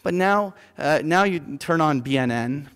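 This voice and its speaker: A man leading a live investing seminar in front of an audience, telling an animated story with many fillers and "right?" tag questions. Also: on the high side, a little slow, clean tone. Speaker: seminar instructor. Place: lecture room with an audience. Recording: reverberant lecture hall.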